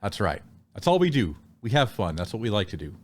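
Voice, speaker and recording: A man hosting a casual podcast, who introduces guests in a loud, showy announcer style and laughs easily. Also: on the low side, sing-song, brisk. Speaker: podcast host. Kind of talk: casual chat, comedic intros.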